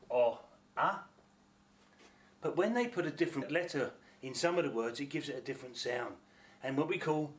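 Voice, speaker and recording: A patient Australian man teaching vowel sounds at a very slow, deliberate pace. His voice sits at an everyday middle pitch. He spells words out letter by letter, the way a teacher would for a class. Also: fairly bright tone. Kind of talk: phonics lesson to camera.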